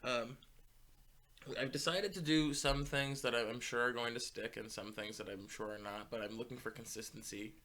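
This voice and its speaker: Young male podcast host, bright tone, rambling comic storyteller. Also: medium pitch, steady tone, moderate pace. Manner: rambling, joking storyteller who acts out quotes. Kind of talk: casual podcast chat.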